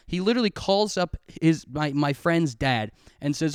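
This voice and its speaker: A man hosts a casual solo podcast and tells rambling, self-mocking stories full of swearing. His voice is smooth and resonant and sits a bit high for a man. The sound is dry and close to the mic. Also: brisk, few pauses, no room sound. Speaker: podcast host.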